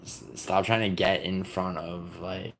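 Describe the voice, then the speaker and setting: A man's voice: sits low, level tone, unhurried, creaky, fairly bright tone, a little hiss or hum. A young man from the United States hosting a casual livestream, rambling and teasing his viewers as he reads comments aloud. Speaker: livestream host.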